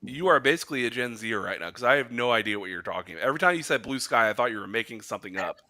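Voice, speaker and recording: A man co-hosting a casual sports podcast, animated and joking, who swears casually. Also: mid-range voice, rapid-fire. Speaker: podcast co-host.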